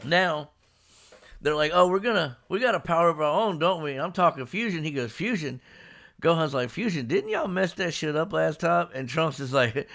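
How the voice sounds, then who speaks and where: Gravelly man animatedly retelling a manga chapter. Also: on the high side, normal speed. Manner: animated retelling, acting out characters' lines with laughs. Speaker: podcast host. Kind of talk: casual manga discussion. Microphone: live stream microphone.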